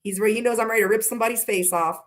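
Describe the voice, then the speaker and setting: A middle-aged woman doing a casual live-stream tarot reading, talking in a chatty, blunt and animated way. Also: a little high, racing. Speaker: tarot reader.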